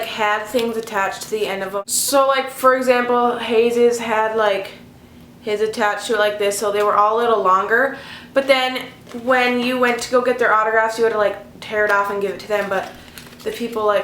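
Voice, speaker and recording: Her voice fairly high and a bit bright, a teenage girl chats through a story for her casual vlog. She gushes and leans heavily on "like," and the echoey room adds slight background noise.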